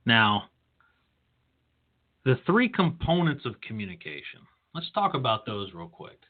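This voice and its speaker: A man hosting a podcast, giving career advice in a deliberate, lecturing storytelling manner. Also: medium pitch, sing-song. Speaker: podcast host. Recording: tinny phone-line sound.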